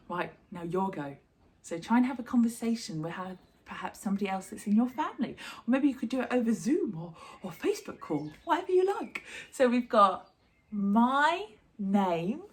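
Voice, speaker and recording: Animated, lively-voiced woman teacher. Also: medium pitch, brisk. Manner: animated, chatty and encouraging. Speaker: drama teacher. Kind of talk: online sign language lesson.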